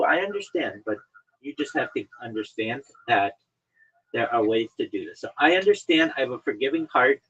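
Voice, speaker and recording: The podcast host's mid-range voice is animated, a bit bright and breathy at the edges, moving at a moderate pace. He chats casually with his guest over an online call, teasing him with mock lectures, and the stream audio is dull and lo-fi.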